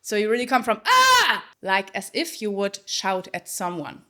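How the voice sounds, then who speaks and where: A woman vocal coach teaching a singing lesson. She explains in plain terms and then belts short phrases loud and high. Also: normal speed. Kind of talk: singing lesson with sung demonstrations.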